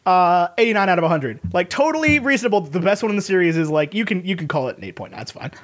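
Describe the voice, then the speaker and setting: A young man co-hosts a casual movie-review podcast, his voice sitting noticeably high for a man. He talks in a quick, animated way and breaks into laughter often while reading reviews aloud. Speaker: podcast co-host.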